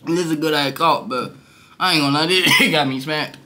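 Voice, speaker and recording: A young man vlogging at home, high and rambling in loose slang, laughing often. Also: moderate pace, bright, forceful tone. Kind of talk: casual stoned review vlog. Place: his room.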